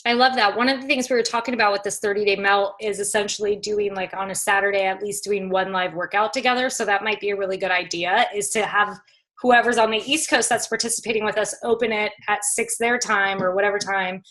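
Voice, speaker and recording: A woman coaching her team on a video call, upbeat and excitable, chatting with lots of fillers. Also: medium pitch, fairly quick, poor audio. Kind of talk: casual pep talk on a video call.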